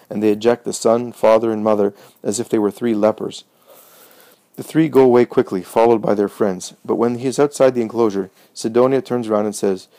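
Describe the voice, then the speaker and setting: A man reading a religious story aloud in measured scripted narration. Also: fairly low pitch, level tone, mellow, rough recording.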